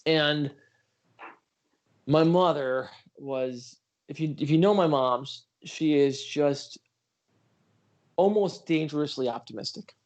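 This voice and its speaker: A man's voice: fairly high pitch, takes it slowly, pauses often. A middle-aged man hosting a casual livestream, telling stories earnestly and apologizing for talking too long. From Western New York. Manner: earnest storytelling, apologetic, self-deprecating asides. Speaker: political candidate hosting a livestream.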